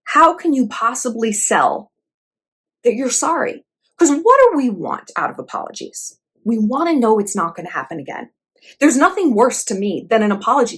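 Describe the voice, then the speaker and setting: A woman with a fairly high, very lively voice talks through her commentary vlog. She is sassy and sarcastic and swears freely, and she slips into voices for the people she quotes. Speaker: vlog host. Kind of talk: pop-culture commentary vlog.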